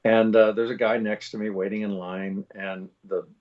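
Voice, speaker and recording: A male voice actor and guest on a live show, telling a long anecdote in an animated way with many fillers and restarts. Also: fairly low pitch, moderate pace, highs cut off.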